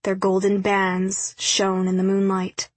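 A woman narrating an audiobook in a steady, measured reading. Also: medium pitch, dry recording, poor audio. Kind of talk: scripted narration.

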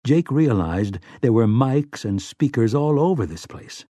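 Brief: male audiobook narrator, steady brisk reading, mid-pitched, dry close sound. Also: no room sound. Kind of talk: scripted novel narration.

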